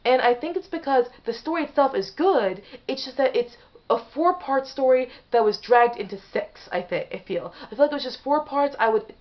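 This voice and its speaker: A woman talking straight to camera in a casual opinion vlog, rambling and often restarting her sentences. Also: fairly high pitch. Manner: rambling, restarts and self-corrections. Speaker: vlogger. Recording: slightly dull lo-fi audio.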